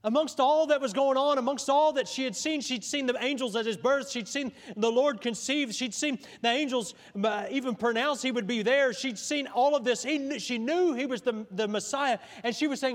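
In a church sanctuary with long hall reverb, a middle-aged pastor preaches a sermon in a very high, fairly quick voice. He speaks conversationally, often restarting and putting questions to the congregation.

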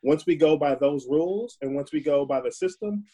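Man, podcast guest, husky voice, mellow and dark, earnest, repeats words as he thinks. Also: fairly high pitch, lively intonation, normal speed. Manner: earnest, repeats words while searching for them. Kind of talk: conversational, reflective monologue.

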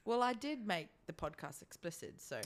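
A woman's voice: lowish voice, very animated, normal speed. A young woman co-hosting a casual podcast, chatty and swearing freely as she drifts off on tangents. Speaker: podcast co-host. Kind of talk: casual chat.

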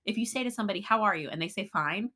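A woman's voice: mid-range voice, rapid-fire, sharp tone. A middle-aged woman co-hosting a casual faith podcast, talking earnestly and emphatically, laughing often. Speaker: podcast co-host.

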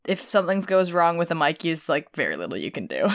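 Rambling young woman, low voice. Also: sing-song, fast talker. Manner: rambling, many fillers and restarts. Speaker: podcast host. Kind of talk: casual chat.

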